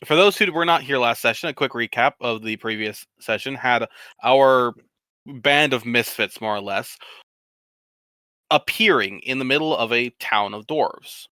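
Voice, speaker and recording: A man's voice: medium pitch, a little slow, sharp tone, clear, resonant tone, no echo. A man narrating a tabletop game as game master, giving a rambling recap with fillers and self-corrections.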